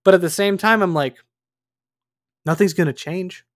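A man's voice: high-pitched, moderate pace, dry recording, clean studio sound. A man in his twenties, co-hosting a podcast, ranting heatedly in casual chat and swearing freely. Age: 20s. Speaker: podcast co-host.

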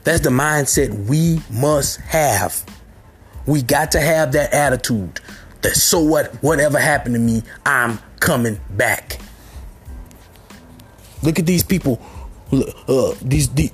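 A man giving a motivational sermon, repeating short phrases and rising to near shouts, with faint music underneath. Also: fairly high pitch, measured pace, husky. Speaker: motivational speaker.

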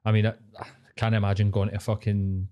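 Warm-voiced sweary Scottish man. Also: lowish voice, little pitch movement, fast, clean tone, highs cut off. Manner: sweary, wry banter. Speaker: podcast co-host. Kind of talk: casual chat.

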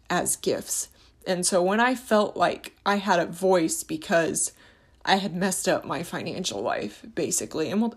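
A woman hosting a casual faith-and-money monologue, talking in an earnest, rambling, passionate way. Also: fairly low pitch.

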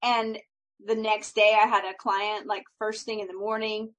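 A woman's voice: mid-range voice, flat delivery, normal speed, fairly bright tone, highs cut off. A middle-aged woman, a life coach, chatting in an upbeat, reassuring way and laughing often. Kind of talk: casual chat.

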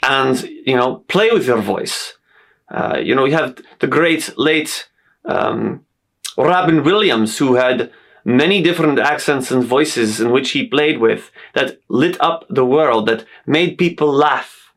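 A man's voice: medium pitch, lively intonation, a little slow, fairly bright tone. A man giving a motivational self-help talk, listing uplifting affirmations in an earnest tone, speaking in a stylized accent he invented for himself.

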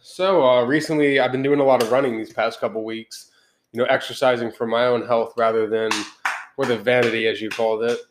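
A man's voice: medium pitch, steady tone, fairly quick, noisy background. Upbeat young man hosting a podcast. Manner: upbeat, laughs often. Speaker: podcast host. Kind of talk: casual chat.

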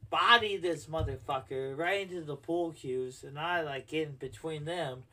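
Higher voiced dude rambling a bouncer story, cussing nonstop, kinda far from the mic. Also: male voice, normal speed, sharp tone. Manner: profane, rambling, lots of "like". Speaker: podcast co-host, bar bouncer. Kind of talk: casual chat, storytelling.

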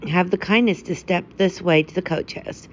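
A woman's voice: on the low side, normal speed, muffled recording, a little hiss or hum, close to an everyday voice. A woman voicing a deferential male servant who speaks in a polite, subdued way, in a storybook reading.

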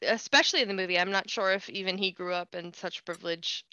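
A woman co-hosting a casual chat about a film from home, talking in quick restarts and laughing. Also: lowish voice, smooth, dry recording, lo-fi sound. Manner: animated, restarts often, laughs. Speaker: podcast co-host.

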